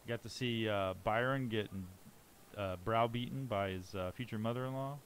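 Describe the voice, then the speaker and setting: Low-voiced male game master narrating. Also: rough recording. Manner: measured descriptive narration with fillers.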